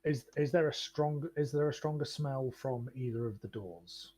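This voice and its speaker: A man playing a tabletop game on a video call, asking the game master quick questions. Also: mid-range voice, a little mellow. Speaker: player. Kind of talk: casual tabletop game chat.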